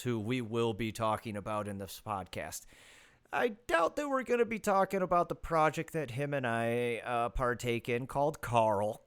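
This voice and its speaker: A man hosts a loose, rambling solo podcast, sprinkling in swearing. His voice is smooth and clear at a middling pitch. He records on a phone. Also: fairly bright tone. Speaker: podcast host. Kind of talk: casual solo podcast monologue. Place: rural property.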